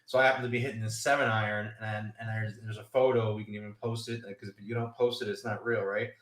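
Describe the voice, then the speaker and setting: A man's voice: fairly low pitch, level tone, fast, a bit bright, reverberant. A man co-hosting a casual golf live stream, telling rambling stories and acting out the voices of the people in them. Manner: rambling storyteller, acts out quoted voices. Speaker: golf podcast co-host.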